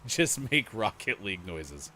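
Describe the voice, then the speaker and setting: A man's voice: fairly low pitch, measured pace, a little hiss or hum. A man co-hosting a morning gaming show, chatting casually while playing and reading out comments with lots of laughter. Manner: animated, laughing, reads out chat comments.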